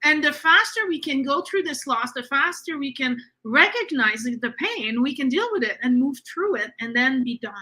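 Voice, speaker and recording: A woman's voice: high voice, expressive, moderate pace, hardly any pauses, pushed and bright. A woman hosting a spiritual podcast, talking in an earnest, reassuring way with frequent fillers. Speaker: podcast host. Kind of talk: casual spiritual conversation.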